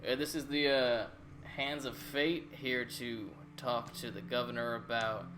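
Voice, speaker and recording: A man's voice: medium pitch, fairly even intonation, a little slow, fairly bright tone, slight background noise, close to an everyday voice. A man voicing a plain, dutiful male guard who announces visitors formally.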